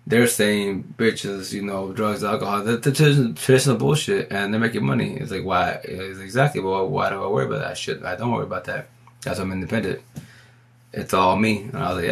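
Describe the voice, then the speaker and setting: Low gravelly man rambling on a livestream. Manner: rambling, slangy, talks fast. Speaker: livestream host. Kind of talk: casual livestream monologue. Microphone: phone.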